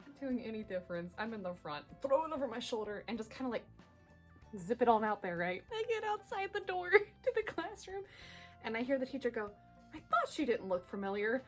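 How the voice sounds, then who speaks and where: A young woman telling a funny story to camera in a casual vlog, animated and laughing between lines. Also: high-pitched. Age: young adult. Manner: animated, laughs through the story, chatty asides. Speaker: vlogger. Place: bedroom at home. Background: soft background music.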